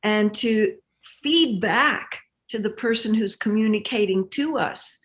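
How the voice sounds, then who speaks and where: A woman guest in an interview, a relationship teacher speaking in a measured, reflective, earnest way. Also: mid-range voice, fairly bright tone. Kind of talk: interview conversation.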